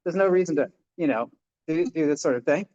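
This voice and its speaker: A man's voice: on the high side, expressive, brisk, a little mellow. A man, a Buddhist minister, giving an informal dharma talk in a chatty storytelling way, with many fillers and restarts. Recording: dull lo-fi sound.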